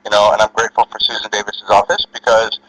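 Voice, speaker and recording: A man's voice: fairly low pitch, monotone, fast talker, fairly bright tone, poor audio. Pleading man with a Southern accent. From New Jersey. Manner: pleading, indignant. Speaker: caller.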